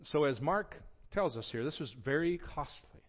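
Man preaching, slightly high voice, dull lo-fi recording, dynamic swings. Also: moderate pace. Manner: expressive preaching, swings from quiet to loud. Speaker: pastor. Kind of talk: sermon. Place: church sanctuary. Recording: dull lo-fi sound.

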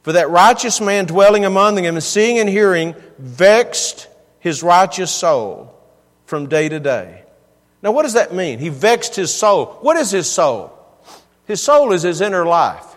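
A man's voice: high-pitched, fairly bright tone, long reverb tail. A man preaching a sermon in a church, earnest and given to repeating words for emphasis.

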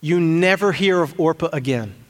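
A man's voice: on the high side, moderate pace, long reverb tail. A male pastor preaching a sermon in a church, conversational, with frequent restarts and asides. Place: church sanctuary.

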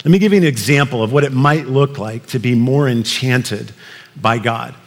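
A man's voice: mid-range voice, normal speed. A male pastor preaches in an everyday mid-range voice, chatty and loose, full of "uh"s and restarts. His words ring out with the long reverb of a big church hall. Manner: conversational storytelling with frequent fillers and restarts. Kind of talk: sermon.

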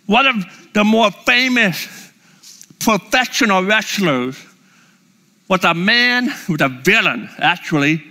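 A middle-aged man telling lively, enthusiastic personal stories to a live audience. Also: sits high, slow, long pauses. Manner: lively, enthusiastic, holds up props. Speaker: speaker addressing a live audience. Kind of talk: animated personal storytelling.

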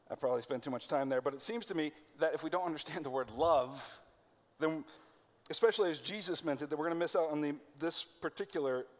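Man preaching in a reverberant hall. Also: fairly high pitch. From United States. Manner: conversational preaching, slows and stresses key phrases. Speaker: pastor. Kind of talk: sermon.

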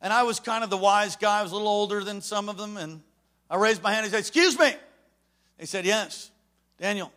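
Brief: male preacher, animated storyteller, bright and high in pitch. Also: fast. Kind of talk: sermon.

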